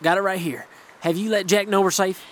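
An actor playing a folksy, rugged mountain guide who talks in a homespun drawl. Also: male voice, sits high, fairly even intonation, fairly quick, natural voice. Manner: folksy drawl, says "reckon".

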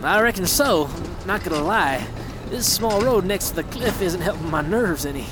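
An actor playing a folksy, rugged mountain guide who talks in a homespun drawl. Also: male voice, sits high, animated, moderate pace, noisy background. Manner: folksy drawl, says "reckon".

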